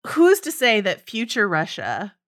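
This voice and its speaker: A woman's voice: medium pitch, unhurried. A woman co-hosting a podcast, chatting casually with jokes, laughs and lots of "like". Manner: animated, laughing, joking, lots of "like". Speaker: podcast co-host. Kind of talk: casual chat.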